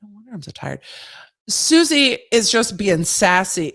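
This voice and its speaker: A woman's voice: mid-range voice, animated, normal speed, a bit bright. Woman host, casual legal Q&A stream, chatty and sassy, mid-range voice. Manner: chatty, conversational, with frequent restarts and asides; breezy and sassy, mixing slang into legal talk. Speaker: legal commentary livestream host. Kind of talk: casual livestream Q&A, answering viewer chat.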